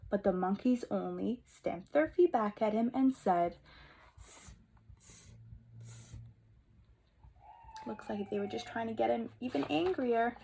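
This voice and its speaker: A woman teacher reading a picture book aloud to young children, expressive and asking them questions, dropping to whispers for asides. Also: a little high, moderate pace, creaky, hardly any pauses, slight background noise, low-quality recording. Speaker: kindergarten teacher.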